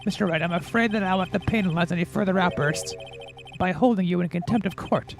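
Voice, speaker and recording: A streamer voicing a meek older male judge in a game, speaking softly and formally. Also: mid-range voice, fast talker, vocal fry, music in the background, close to an everyday voice. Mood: hesitant. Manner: hesitant, soft, formal. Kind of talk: reading game dialogue aloud.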